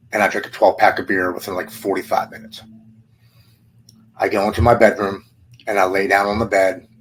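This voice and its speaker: A man in his forties tells his own story in an earnest, halting way, as a guest on a podcast. He often restarts his sentences and retells past events in the present tense. His voice is fairly low and carries a husky, slightly rough edge. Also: low-quality recording. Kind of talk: emotional personal testimony.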